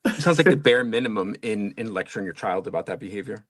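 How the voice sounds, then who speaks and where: Husky, slightly low male voice; rambling, self-mocking co-host in casual talk. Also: animated, quick pace. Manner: rambling, self-deprecating, many fillers. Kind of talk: casual chat.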